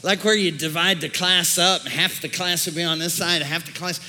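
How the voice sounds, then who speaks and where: A man's voice: on the high side, steady tone, normal speed, bright, forceful tone. A man preaching a sermon as pastor, conversational, with jokes and asides. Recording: long hall reverb.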